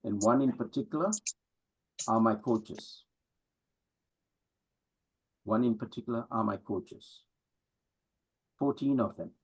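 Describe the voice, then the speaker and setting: A man's voice: mid-range voice, slow, long pauses, breathy edge, rough recording. A middle-aged man giving an emphatic motivational talk to an audience as a business coach, full of rhetorical questions.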